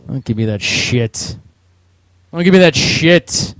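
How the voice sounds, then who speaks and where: A New Jersey man co-hosting a podcast rants profanely about video games, heated and mocking throughout. His voice is fairly high with lively intonation, he talks at a moderate pace, and the recording is dry.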